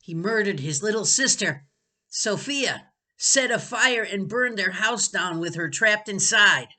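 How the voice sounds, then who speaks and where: A woman's voice: mid-range voice, lively intonation, a little slow, bright, forceful tone, pitched above the performer's own voice. A woman voicing a cruel, sneering boy who taunts and gloats over his words, in a storybook reading. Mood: crowing.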